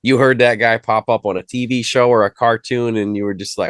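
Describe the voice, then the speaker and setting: A man's voice: mid-range voice, fairly even intonation, a little fast, smooth, no room sound, studio quality. A man, a rapper guest on an interview, talking casually in a rambling, jokey way with lots of restarts. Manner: rambling, many restarts and fillers; laid-back, jokey. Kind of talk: casual conversation.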